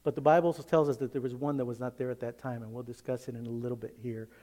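A man preaching a sermon as pastor, emphatic, moving between hushed asides and loud, excited passages. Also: medium pitch, racing. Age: adult, teenage years long past.

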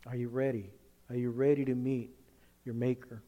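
A male pastor preaching a sermon emphatically, swinging from loud, forceful lines to hushed ones. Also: mid-range voice, steady tone, normal speed, pauses often.

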